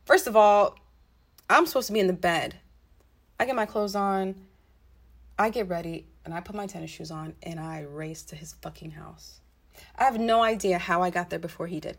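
A young woman casually telling a story from her own life. She swears freely and keeps adding asides as she talks. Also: mid-range voice. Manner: blunt and profane, swearing freely; animated retelling with frequent asides. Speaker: storytelling vlogger.

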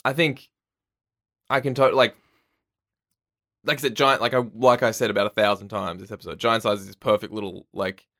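A man's voice: fairly low pitch, fairly even intonation, a little fast, long pauses, a bit bright. A man co-hosting a podcast, talking enthusiastically and rambling with many restarts about comics. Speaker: podcast co-host. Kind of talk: casual chat about comics.

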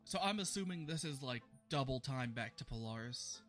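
A man narrating as game master in a tabletop game, animated and laughing often. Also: medium pitch, normal speed, soft background music.

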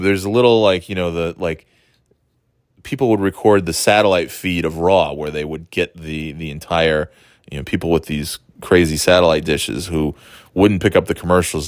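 A man with a lowish voice hosts a casual podcast, wandering through a long story and swearing as he goes. He slips into quick impressions of the people in it. The sound is close and dry, with no room echo. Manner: rambling, profane, mimics people in quotes. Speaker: podcast host.

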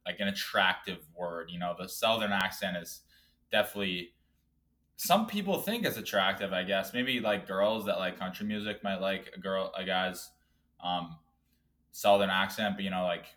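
Young male podcast host, lowish voice, rambling profane rant, self-mocking. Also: normal speed. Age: 20s. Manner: swings between loud outbursts and low mumbling. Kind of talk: casual solo podcast rant.

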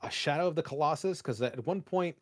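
A young man co-hosts a casual podcast, rambling jokily with lots of fillers. His voice is a little high and a little fast, with clean studio sound and no room sound.

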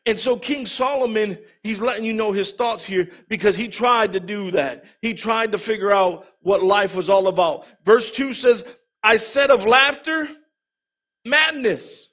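A man pastor preaching a sermon in a lively, conversational way, calling out to his congregation. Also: high voice, moderate pace, few pauses, highs cut off.

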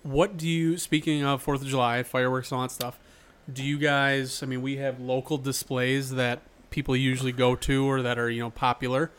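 A man's voice: mid-range voice, level tone, brisk, fairly bright tone, clean tone. Profane, rambling male podcast co-host. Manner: loose, profane, rambling banter. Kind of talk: casual podcast chat.

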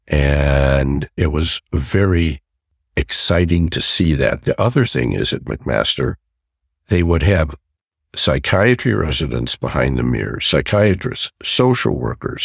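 Very deep gravelly older man. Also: dry recording, studio quality. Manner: reflective, acts out quoted voices in his stories. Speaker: interview guest, family therapist. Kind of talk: storytelling in a podcast interview.

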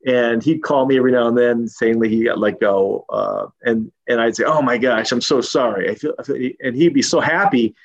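A man's voice: mid-range voice, a little fast, vocal fry, few pauses, muffled recording. A man hosting a podcast interview, talking in a casual, rambling way with many fillers and restarts. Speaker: podcast host.

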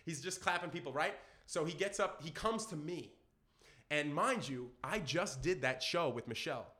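A young man with a New York accent, a podcast guest telling stories in an animated way and acting out the quotes. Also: on the high side, normal speed. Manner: animated storyteller, acts out quotes loudly. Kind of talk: casual storytelling chat.

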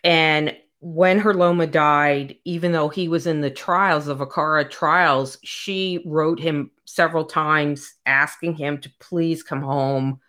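A woman's voice: sits low, steady tone, slow pace, few pauses, a bit bright. A woman co-hosting a casual chat, animatedly retelling a story and voicing the characters' lines. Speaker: podcast co-host. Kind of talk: casual book recap chat.

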